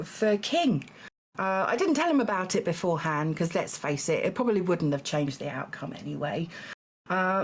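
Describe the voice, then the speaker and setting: A woman hosting a live-streamed game show, halting and full of fillers, with dry teasing asides. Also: mid-range voice. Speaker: game show host judging contestants.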